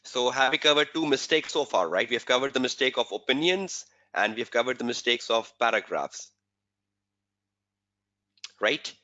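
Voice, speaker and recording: Male tutor, webinar lecture, bright voice, muffled lo-fi sound, repeats himself. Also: medium pitch, lively intonation, moderate pace. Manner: repetitive, quizzing rhetorical questions. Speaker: exam tutor. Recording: dull lo-fi webinar audio.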